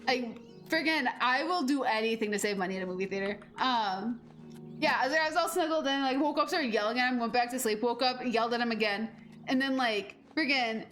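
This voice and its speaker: A woman in her twenties streaming a game, chatting in a rambling, animated way with lots of fillers and casual swearing. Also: a little high, brisk, faint music behind. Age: 20s. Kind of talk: casual gameplay chat.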